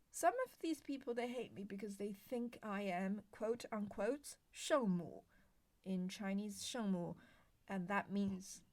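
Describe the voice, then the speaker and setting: A woman hosting a casual solo talk show, ranting in an exasperated way and dropping to whispers for emphasis, recorded on a handheld recorder. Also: mid-range voice. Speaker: podcast host.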